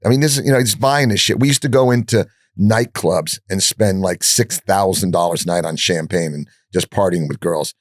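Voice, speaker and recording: Older man telling gritty stories, low voice. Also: fairly quick, few pauses, no echo, clean studio sound. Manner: animated storyteller, acts out quoted dialogue; profane, blunt. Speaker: podcast guest. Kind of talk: storytelling in an interview.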